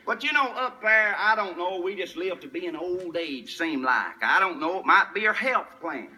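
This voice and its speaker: A man's voice: sits high, lively intonation, moderate pace, pushed and bright, low-quality recording. An older man with a rural West Tennessee accent, telling folksy tall tales and chuckling at his own punchlines. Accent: Southern US, rural West Tennessee. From Tennessee, USA. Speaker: storyteller. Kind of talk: folksy humorous storytelling.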